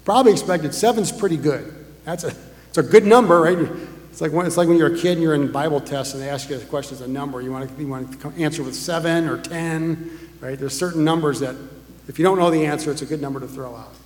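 Male pastor, slightly higher voice, casual sermon delivery with rhetorical questions, big echoing church. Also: quick pace. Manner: conversational, asks the congregation rhetorical questions. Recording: echoey hall with long reverb.

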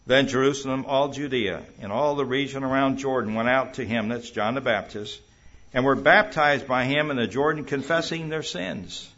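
A man's voice: mid-range voice, moderate pace, a bit bright, lo-fi sound. A man preaching a sermon to a congregation, reading scripture and building up emphatically on the quoted passages. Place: church hall.

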